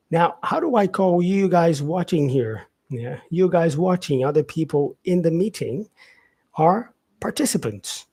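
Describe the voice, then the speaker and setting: A man teaching English vocabulary on a live stream, explaining slowly and filling pauses with "yeah" and "um". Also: a little high, dark tone, husky. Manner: explains slowly, with many fillers and repeated "yeah". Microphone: facing camera, streaming live.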